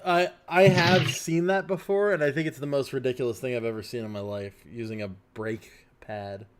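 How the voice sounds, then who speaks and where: The host's voice here is medium-pitched, steady and fairly quick. Sounding like he's just woken up, he keeps the casual chat playful, now and then dropping into silly songs or an announcer impression.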